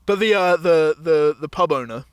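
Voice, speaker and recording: High-voiced young man telling stories. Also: normal speed, clean tone, no room sound, clean studio sound. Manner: animated storytelling with acted-out quotes, laughs often. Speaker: podcast host. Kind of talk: casual chat.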